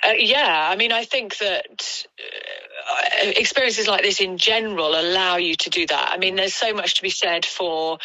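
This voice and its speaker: A woman's voice: fairly low pitch, sharp tone, dry recording, low-quality recording. A woman being interviewed as an athlete, chatting casually and laughing often, speaking from her bedroom. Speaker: interview guest, endurance athlete.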